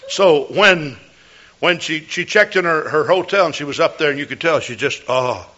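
A man's voice: a little high, lively intonation, moderate pace, sharp tone. An older man preaching a sermon as a pastor, telling a folksy story with repeated words and restarts. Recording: dull lo-fi recording.

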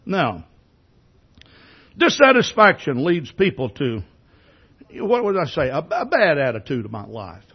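In a dull, lo-fi recording, a male pastor preaches with a husky, somewhat high voice whose pitch swings hugely. His pace is measured with long pauses, and he addresses the congregation conversationally, tossing out rhetorical questions and tripping over repeated words at the start of sentences.

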